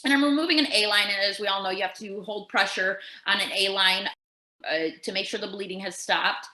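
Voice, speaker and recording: A woman's voice: mid-range voice, a little fast, reverberant, poor audio. A nurse and podcast co-host, a woman telling a story casually and acting out the voices of the people in it. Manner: animated storyteller who acts out quoted voices.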